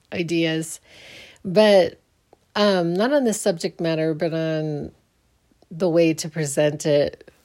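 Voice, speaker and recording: A woman with a low, darkish voice hosts her own podcast, chatting casually on her own. Sleepy this early in the morning, she rambles and restarts many times.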